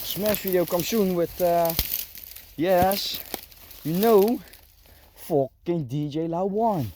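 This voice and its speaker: A man's voice: high voice, takes it slowly. A man vlogging outdoors, swearing constantly and grunting as he forces his way through bushes. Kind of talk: rambling outdoor vlog. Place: outdoors in dense bushes and trees. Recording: noisy outdoor recording with rustling foliage. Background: rustling branches and a dog barking.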